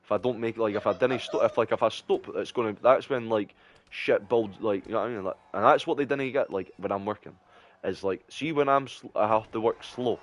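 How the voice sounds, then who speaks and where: A man's voice: lowish voice, a little fast. A young Scottish man streaming and chatting casually, rambling with heavy swearing and lots of fillers. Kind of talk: casual chat.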